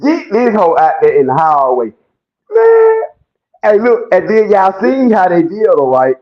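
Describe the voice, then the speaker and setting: Loud mocking man ranting. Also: high voice, wildly swooping pitch, a little slow. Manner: loud, mocking, laughing, swears a lot, acts out quotes. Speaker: commentator. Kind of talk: animated ranting commentary. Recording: dull lo-fi sound.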